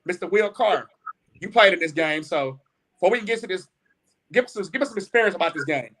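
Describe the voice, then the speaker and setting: A man from Houston hosting a casual high school sports talk show, chatty and leading the segments. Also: animated, fast, fairly bright tone. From Houston, Texas.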